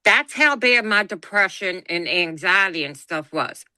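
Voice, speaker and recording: A woman's voice: lowish voice, measured pace, dry recording. A middle-aged woman, telling a personal story on a podcast and acting out the quoted lines as she goes. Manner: animated retelling, acts out quoted dialogue. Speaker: podcast co-host.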